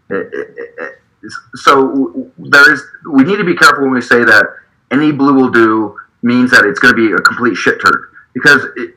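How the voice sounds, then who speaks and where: A fired-up man from Utah recounting how he heckles politicians, swearing freely and restarting his sentences as the words tumble out. His voice is strikingly bright and forceful, and it comes over a video call. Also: medium pitch, rough recording. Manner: profane, heated storytelling with frequent restarts. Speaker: activist guest, state party delegate.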